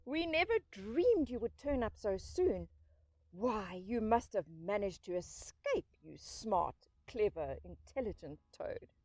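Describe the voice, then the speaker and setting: A woman voicing an excitable, shabby male mole who cheers loudly and then grumbles in an audiobook reading. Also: medium pitch, slow pace, no echo. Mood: excited.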